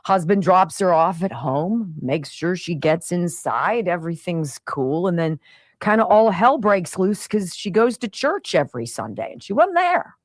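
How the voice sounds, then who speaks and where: Woman radio host, fifties, lively swooping pitch, dry studio sound, chatty storyteller. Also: unhurried, dry recording. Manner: chatty, animated storytelling with sound effects and laughs. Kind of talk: casual monologue.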